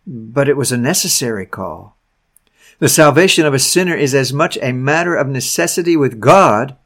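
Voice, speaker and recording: A man reading an old sermon aloud, preaching earnestly with slow, stretched phrases that sink to a hush at the ends. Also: on the high side. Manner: drops to a hushed, soft voice at phrase ends. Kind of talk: read-aloud Victorian sermon.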